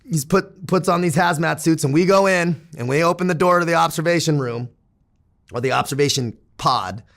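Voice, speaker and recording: Gravelly, profane man telling stories. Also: fairly high pitch, moderate pace, fairly bright tone. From San Diego, United States. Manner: profane, candid, laughs while telling. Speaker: interview guest. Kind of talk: casual storytelling.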